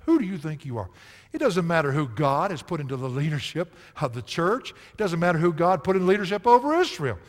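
A pastor in his sixties delivers a sermon in a folksy storytelling way, often laughing and sometimes booming for emphasis. His man's voice sits a touch high. The sound carries the long reverb of a church hall. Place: church sanctuary.

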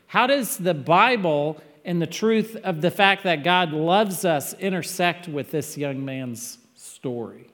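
Emphatic preacher in a reverberant hall. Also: male voice, on the high side, animated, slow pace, few pauses. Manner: earnest, emphatic preaching with sudden loud peaks. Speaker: pastor. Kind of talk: sermon.

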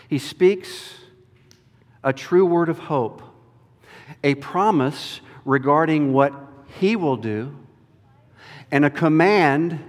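Male preacher, fairly high voice, slow and emphatic, big echoing hall. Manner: emphatic, deliberate delivery. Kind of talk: sermon. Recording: long reverb of a large hall.

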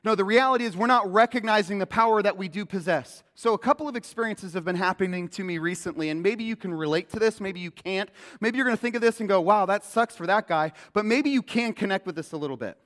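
A man preaching a sermon as pastor, animated and acting out quoted lines in a loud voice. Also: high voice, fast talker, few pauses. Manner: animated, acts out quotes loudly. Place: church sanctuary. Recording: long hall reverb.

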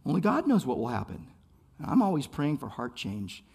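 A man's voice: medium pitch, huge pitch swings, normal speed, vocal fry, darkish tone, breathy edge. A man preaching a sermon as pastor, impassioned, building phrases by repeating them.

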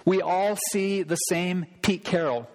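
Man, pastor, sermon, somewhat high voice, animated quoting, long hall reverb. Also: takes it slowly, a little hiss or hum. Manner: animated, acts out scripture quotes with sudden loud outbursts; addresses congregation directly, rhetorical questions. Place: church sanctuary.

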